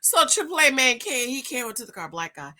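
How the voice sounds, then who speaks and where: Animated, bright-voiced middle-aged woman host. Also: a little fast. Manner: animated storyteller, big swings in pitch and loudness. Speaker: channel host. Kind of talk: casual vlog monologue.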